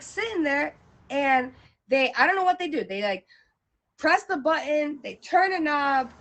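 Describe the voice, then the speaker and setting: A high-voiced woman tells a personal story with lots of energy. She laughs often and acts out her own panic as she goes. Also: fairly bright tone, low-quality recording.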